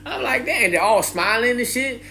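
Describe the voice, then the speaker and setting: Streetwise man spinning a story, bright and lively delivery, faint hiss behind. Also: normal speed, creaky. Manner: animated, slangy, swearing, mimics high-pitched greetings. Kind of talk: casual storytelling monologue.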